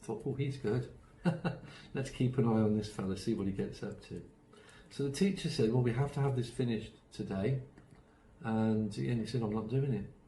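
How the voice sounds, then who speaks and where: Telling stories in a chatty manner, full of ums, restarts, and acted-out quotes, this man leads an online autism strategies workshop. He has a warm, medium-pitched voice at a moderate pace, in a reverberant, low-quality recording with slight background noise.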